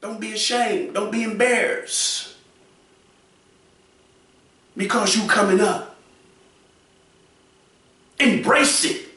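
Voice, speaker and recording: A man giving preachy advice to other people, repeating his points and often raising his voice to a shout. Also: high-pitched, steady tone, slow, long pauses, very echoey, far from the mic. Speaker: commentator.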